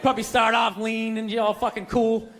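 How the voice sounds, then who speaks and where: A man's voice: high-pitched, flat delivery, fairly quick. A man performing a stand-up routine, rambling and self-mocking with lots of "you know.". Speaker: stand-up comedian. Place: comedy stage. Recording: live club with loud crowd noise.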